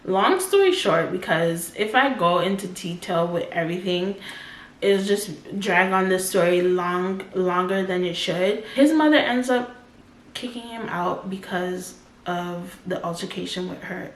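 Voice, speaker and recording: Unhurried and low-pitched, a casual storytime vlogger in her twenties recounts something from her own life in rambling sentences full of "like." There's a roomy echo in the recording.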